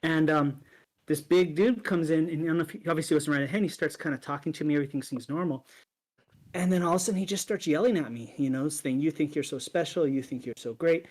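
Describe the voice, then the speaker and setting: A man in a casual chat, telling a story and acting out the quotes with lively energy. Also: on the high side, quick pace.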